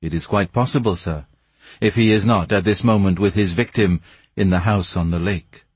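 A man voicing a grave, secretive Persian who speaks slowly and in a measured way. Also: low-pitched, husky, no echo. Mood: hushed.

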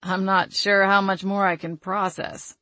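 A woman's voice: medium pitch, level tone, unhurried, sharp tone, no echo. A woman voicing a frightened, angry young man who has just been cursed, speaking in terse, bitter bursts. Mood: weary.

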